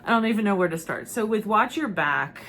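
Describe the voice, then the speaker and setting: A woman book vlogger talking casually and reflectively, relaxed and chatty. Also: mid-range voice, fairly quick, slight background noise. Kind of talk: casual vlog talk.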